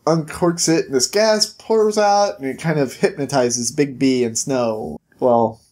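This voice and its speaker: A host casually recapping a comic book issue in a video, animated and laughing often. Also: mid-range voice, a little slow.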